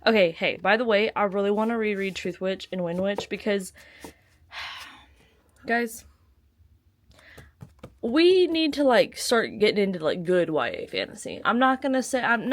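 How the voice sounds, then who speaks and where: A woman's voice: medium pitch, lively intonation, normal speed, fairly bright tone. A young woman chatting casually in a book vlog, bubbly and giggly. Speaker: book vlogger.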